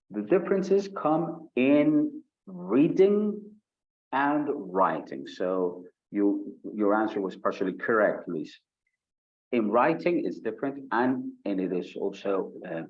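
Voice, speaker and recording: Low-voiced man teaching a webinar. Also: muffled recording. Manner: lively, asks the audience questions and reads chat comments aloud. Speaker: IELTS instructor. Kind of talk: live online webinar lesson.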